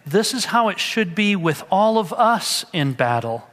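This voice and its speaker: A man's voice: high-pitched, very animated, unhurried, a bit bright, long reverb tail. A man preaching a sermon, reading scripture aloud and then explaining it in an earnest, conversational way. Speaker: pastor.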